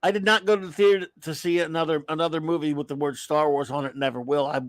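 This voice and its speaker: Middle-aged male host, exasperated and rambling, fairly high voice, dry recording. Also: fairly even intonation, quick pace, dry recording. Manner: exasperated, rambling, with sighs and restarts. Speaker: show host. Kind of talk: casual live-stream rant.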